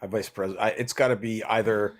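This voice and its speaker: A man in a casual heated debate, animated and cutting in on others. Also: lowish voice, fairly quick. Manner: animated, interrupting.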